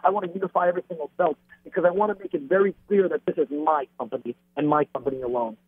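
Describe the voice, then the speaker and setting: A man's voice: a little high, rapid-fire, slightly rough, dry recording. A man, a wrestler, talking in an arrogant, taunting heel manner during a phone interview. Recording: tinny dry phone line.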